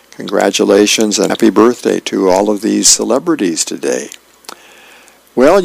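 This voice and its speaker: A man working as a volunteer radio reader, reading the newspaper aloud in an unhurried way. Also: medium pitch, gravelly, no echo, low-quality recording.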